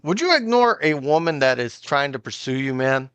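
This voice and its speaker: A man's voice: on the high side, very animated, normal speed, a bit bright, clean tone, no echo, lo-fi sound. A man streaming a video game, chatting casually with his viewers in loose slang. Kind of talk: casual live-stream commentary.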